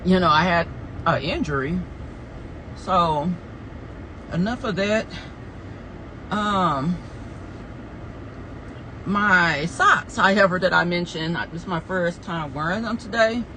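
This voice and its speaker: A woman's voice: lowish voice, slow, long pauses, bright, forceful tone, a little hiss or hum, poor audio. A woman chatting casually to her phone camera in a day-in-the-life vlog, rambling from one thought to the next. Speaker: vlogger and small business owner.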